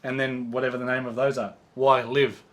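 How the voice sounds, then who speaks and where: A man's voice: mid-range voice, flat delivery, a little fast. A man with an Australian accent, co-hosting a casual golf chat, reading out viewer questions and teasing his friend. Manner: joking, teasing banter.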